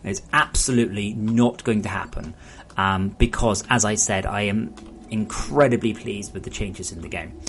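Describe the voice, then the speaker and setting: A man's voice: lowish voice, moderate pace, a little hiss or hum. Rambling man chatting on stream. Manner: rambling, frank, talks straight to chat. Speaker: solo game developer. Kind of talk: casual live-stream chat with viewers.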